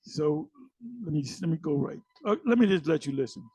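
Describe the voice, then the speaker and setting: A man giving a casual religious commentary. He talks loosely and restarts often, and he slows down when he reads scripture aloud. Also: on the high side, lively intonation, dark tone, slightly rough, dry recording. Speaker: religious elder and teacher.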